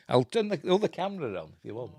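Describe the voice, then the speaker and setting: A man's voice: fairly high pitch, darkish tone. A man with a Yorkshire accent rambling casually through a live film commentary from his webcam. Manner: rambling, chatty, self-interrupting. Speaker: host.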